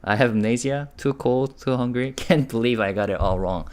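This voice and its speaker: A man with a very low voice teaches a live online Korean class. He is upbeat and patient, breaking words into syllables and answering questions from the chat. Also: steady tone, moderate pace, few pauses, clean tone. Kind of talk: live online language lesson.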